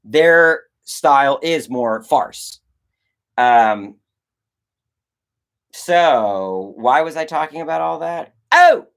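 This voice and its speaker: A young man, a filmmaker, chatting casually on a livestream and answering chat, rambling and animated, swearing and acting out conversations. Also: mid-range voice, very slow, pauses often, clean tone. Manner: animated, rambling, swears, acts out quoted exchanges.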